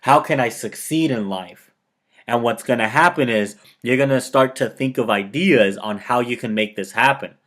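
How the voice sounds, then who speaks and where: A man's voice: medium pitch, normal speed, a bit bright. A man talking casually to the camera, giving motivational advice and telling personal stories, often checking in with his viewers. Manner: conversational, keeps checking in with "okay?"; chatty storyteller who quotes himself and others. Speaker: motivational video host.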